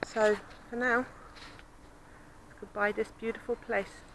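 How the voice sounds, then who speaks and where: Walking beside a river with swans and ducks, a woman from Southampton in southern England chats and rambles through a casual vlog, calling it her own babbling. Her voice is a little high with little pitch movement, she takes it slowly, and the recording is very noisy.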